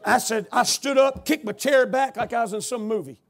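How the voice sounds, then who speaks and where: A man preaching at a revival, telling his own story. His voice sits very high, and he climbs from low, quiet narration into loud shouted scripture. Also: moderate pace, vocal fry. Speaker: preacher giving testimony. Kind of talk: revival sermon testimony.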